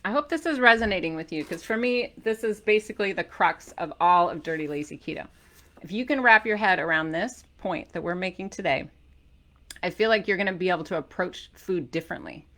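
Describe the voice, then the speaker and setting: A middle-aged woman gives an energetic talk to camera as a diet author. Her voice is bright and forward, and her manner is playful and animated, with loud emphatic bursts when she drives a point home. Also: fairly low pitch, a little fast. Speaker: author and keto diet coach.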